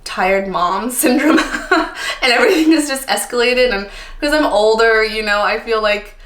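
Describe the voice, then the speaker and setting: A woman's voice: a little high, a little slow, fairly bright tone. A woman in her thirties from Canada, chatting casually to camera as a vlogger, candid and tired, filling her talk with ums and likes. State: tired, a little emotional. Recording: echoey room.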